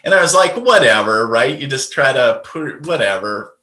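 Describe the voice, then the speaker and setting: A man's voice: mid-range voice, expressive, normal speed, sharp tone, roomy sound. A man, a podcast guest and medium, telling a personal story in a casual, rambling way with lots of fillers and restarts.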